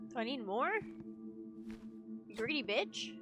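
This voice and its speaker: A young woman live-streaming a game, blunt and foul-mouthed, who jumps into loud, excited outbursts. Her voice sits fairly high, and clear game music runs underneath it throughout. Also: measured pace. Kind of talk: casual gaming stream commentary. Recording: game music playing behind.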